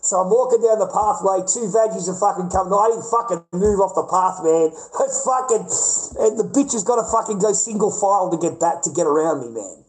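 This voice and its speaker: A man's voice: high-pitched, a little fast, few pauses, rough recording. Profane, blunt Australian man ranting. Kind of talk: casual rant to viewers.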